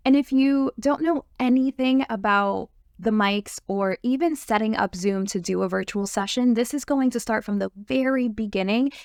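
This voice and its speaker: A woman's voice: a little high, normal speed, few pauses, a little mellow, dry recording, clean studio sound. A woman hosting and promoting her sound therapy course, talking with upbeat eagerness. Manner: upbeat, eager, fillers and restarts. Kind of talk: enthusiastic course promo chat.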